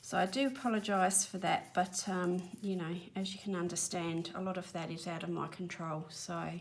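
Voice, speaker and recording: An Australian woman chatting casually while colouring at home, a bit breathless and apologetic, rambling as she works. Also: medium pitch. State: slightly out of breath. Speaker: colouring channel host. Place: home spare room studio.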